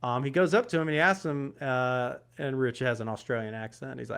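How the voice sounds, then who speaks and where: A man's voice: medium pitch, a little fast, vocal fry, clear, resonant tone. A man co-hosting a podcast, telling a story in casual chat with lots of laughter. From Georgia, US. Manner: animated storytelling, laughs often. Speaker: podcast co-host.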